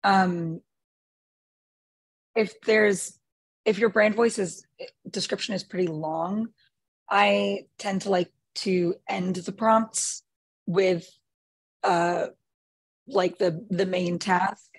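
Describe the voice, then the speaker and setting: A woman answering questions in a webinar as the guest expert, halting with many fillers and restarts. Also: mid-range voice, fairly even intonation, slightly rough, no room sound. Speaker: guest expert on prompt writing.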